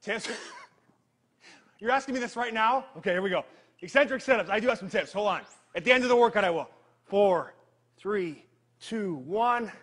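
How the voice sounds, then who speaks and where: A man leading a live workout, energetic and joking, counting down reps while he strains through the exercises himself. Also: sits high, moderate pace, long pauses, slightly rough. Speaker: fitness trainer.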